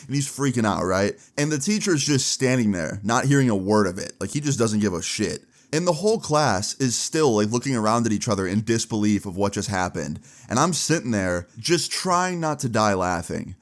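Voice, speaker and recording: A young man tells a school story in loose, chatty storytime style, swearing freely. His voice is lively and informal, with plenty of slang. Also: mid-range voice, normal speed, few pauses. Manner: animated, profane and chatty. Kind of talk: casual storytime.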